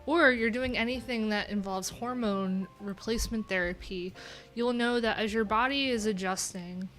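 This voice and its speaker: A woman's voice: medium pitch, normal speed, fairly bright tone, faint music behind. A woman from New York with a nasal voice, chatting candidly and rambling on a casual livestream from a room at home.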